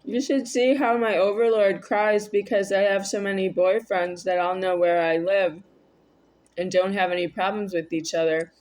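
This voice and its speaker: A woman's voice: medium pitch, fairly even intonation, moderate pace, darkish tone. A woman vlogging a rambling, argumentative monologue to camera, addressing an unseen listener.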